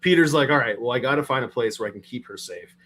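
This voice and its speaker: A man on a casual movie review podcast, talking at a middle pitch. He rambles through a plot recap and keeps restarting his sentences. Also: lively intonation, fast talker, a bit bright. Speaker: podcast co-host.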